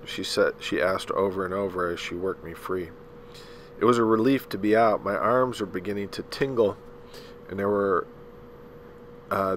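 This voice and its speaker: A man's voice: low-pitched, fairly bright tone, a little hiss or hum, low-quality recording. Man reading a novel aloud. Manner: measured, dramatic storytelling with a few slips. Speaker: audiobook reader. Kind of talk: scripted narration of a novel.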